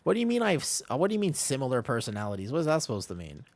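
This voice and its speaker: A man's voice: mid-range voice, wildly swooping pitch, very fast, dry recording. A man streaming a game, chatting casually with his chat, joking and answering questions.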